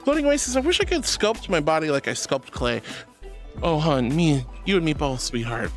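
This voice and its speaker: A casual streamer goes through viewer messages at a moderate pace, soft music underneath, calling everyone honey and sweetie. She's lively, bouncing between high-pitched squeals and quiet mutters.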